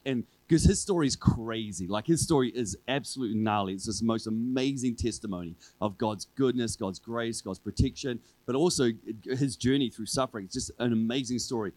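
A man preaching a sermon to his church in a relaxed, conversational way, driving his points home with repeated refrains. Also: mid-range voice, brisk, hardly any pauses, dry recording, low-quality recording. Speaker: pastor. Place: church service with a congregation.

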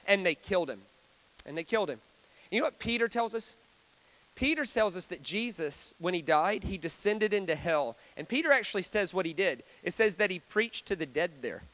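Guy preaching, bright punchy voice, chatty storytelling, goes from loud to quiet for effect. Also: high-pitched, a little fast. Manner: animated, dramatic preaching with sudden loud and soft swings; conversational, asks the audience questions. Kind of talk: storytelling sermon.

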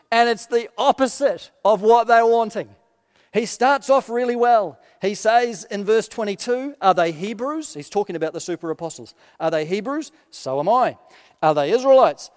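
A man preaching a sermon, animated and lively, acting out quoted voices with dry humorous asides. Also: sits high, long reverb tail. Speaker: pastor.

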